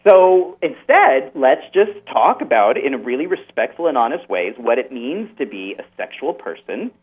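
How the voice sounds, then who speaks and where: A man's voice: mid-range voice, very animated, normal speed, breathy edge. A man, a therapist, explaining earnestly as a guest in an interview over the phone. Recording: tinny phone line.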